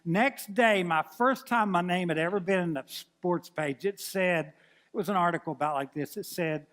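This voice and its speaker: A man in his sixties, a pastor telling a folksy, animated story in a sermon. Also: high-pitched, moderate pace. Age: 60s.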